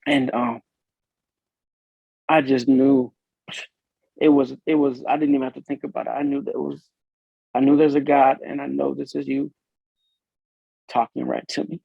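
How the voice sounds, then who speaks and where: Gravelly police officer telling his story. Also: medium pitch, little pitch movement, dry recording. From Illinois, USA. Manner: earnest, emotional, halting storytelling. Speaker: police officer, interview guest. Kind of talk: personal testimony in a podcast interview. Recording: dull lo-fi dry recording.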